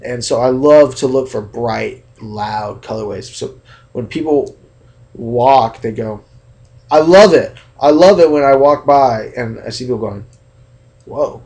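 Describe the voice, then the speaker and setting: A young man from California rants to his camera in a casual vlog. He is chatty and animated and keeps mimicking the reactions of people around him. His voice has a gravelly, creaky texture. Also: medium pitch, a little slow. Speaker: sneaker vlogger.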